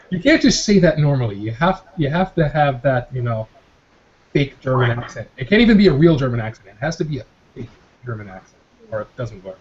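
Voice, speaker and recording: A man's voice: mid-range voice, sing-song, fairly quick, darkish tone, husky, dull audio. A man hosting a casual group video chat, rambling and laughing, often repeating his words. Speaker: host of a motovlogger hangout.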